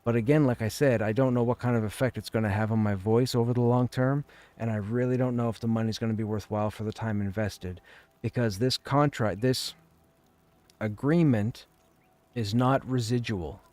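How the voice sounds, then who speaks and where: A male game streamer chatting casually in a rambling, digressive way, at a middling pitch. The sound is dry and close, with no room echo. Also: steady tone, normal speed, darkish tone. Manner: rambling, conversational. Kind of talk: casual chat while streaming.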